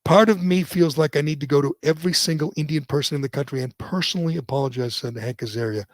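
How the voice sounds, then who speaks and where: A man's voice: a little high, quick pace, dry recording. A man hosting a talk radio show, delivering a sarcastic, opinionated monologue with frequent ums and uhs. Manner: sarcastic, hesitant with many fillers.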